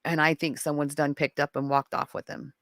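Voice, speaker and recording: A woman guest on a podcast, telling a story in casual conversation, animated and rising to high exclamations. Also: brisk, no room sound.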